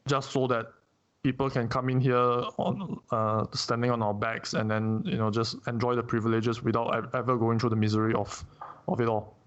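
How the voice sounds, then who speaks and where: A man arguing his point with earnest conviction in a casual chat, at a mid pitch. The audio is muffled and lo-fi. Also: steady tone, moderate pace. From Singapore. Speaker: guest. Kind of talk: casual conversation.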